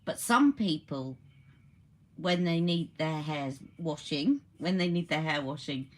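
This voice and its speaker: A woman's voice: sits low, measured pace. Chatty woman live-streaming. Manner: chatty, reacts to viewer comments mid-sentence. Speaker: beauty live-stream host. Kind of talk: casual live-stream product chat.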